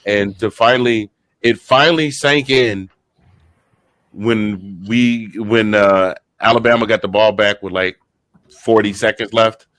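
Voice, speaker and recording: A man in his fifties, a guest short on sleep, telling an excited sports story with many restarts. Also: lowish voice, unhurried, no echo. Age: 50s. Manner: animated storyteller, stumbling restarts.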